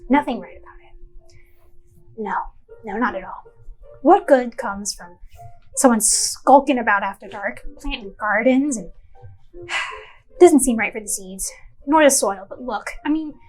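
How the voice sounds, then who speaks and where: A woman's voice: on the high side, measured pace, long pauses, faint music behind, low-quality recording. A woman voicing a worried, imaginative villager in a tabletop game, sighing and fretful.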